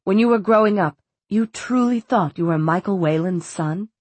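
A woman's voice: mid-range voice, moderate pace, a little mellow, slightly rough, dry recording, close to an everyday voice. A woman doing a stern, formal woman official. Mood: urgent.

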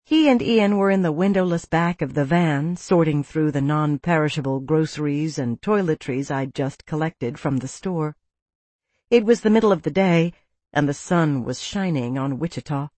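A woman narrating a novel in first person, gentle and thoughtful. Her voice sits on the low side. It is recorded close and dry. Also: moderate pace, no echo. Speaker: audiobook narrator.

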